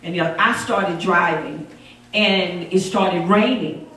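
A woman evangelist preaching a storytelling sermon, animated, moving from low narration to shouted exhortation. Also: takes it slowly. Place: church sanctuary. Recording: echoey church sound from a distance.

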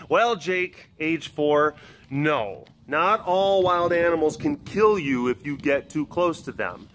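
A man's voice: fairly high pitch, fairly bright tone, a little hiss or hum. A man who keeps big cats answers children's questions outdoors by the enclosures, patiently and simply, and addresses each child by name. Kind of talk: explaining to preschoolers.

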